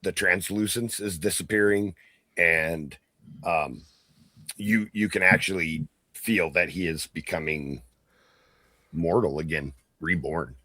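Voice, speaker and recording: A man's voice: low-pitched, slow pace, long pauses, pushed and bright, dry recording. A man narrating a tabletop game as game master in a descriptive style, with frequent fillers.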